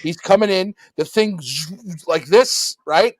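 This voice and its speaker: A man's voice: sits high, unhurried, no echo. A man co-hosting a podcast, talking casually and mocking. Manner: talkative, mocking. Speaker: podcast co-host. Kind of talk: casual chat.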